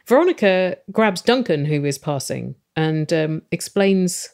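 An English woman co-hosting a podcast, recapping a TV show in casual, animated chat. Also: lowish voice, measured pace, creaky. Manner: chatty, giggly, animated storytelling. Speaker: podcast co-host.

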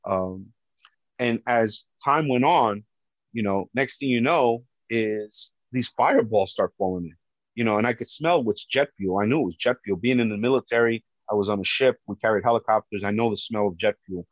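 A man with a big, loud voice, a police officer giving personal testimony. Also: fairly low pitch, normal speed, dry recording. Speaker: police officer telling his story. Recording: dull, dry lo-fi recording.

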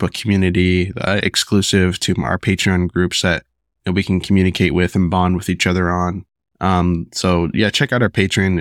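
A man hosting his own podcast, talking casually with lots of fillers and restarts while sick and rough-voiced. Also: low voice, a bit bright, no echo, studio quality. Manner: rambling, many fillers and restarts. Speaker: podcast host. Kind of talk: casual solo podcast talk.

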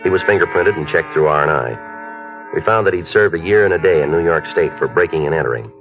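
Deep, clipped police narrator on old radio. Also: male voice, fast talker. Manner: clipped, flat, matter-of-fact. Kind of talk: 1950s radio drama narration. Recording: dull lo-fi old radio broadcast with music.

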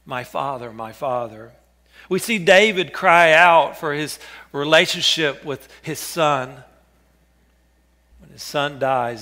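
A man preaching a sermon, earnest, repeating names and phrases and dropping to a hush for quoted words. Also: medium pitch. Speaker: pastor.

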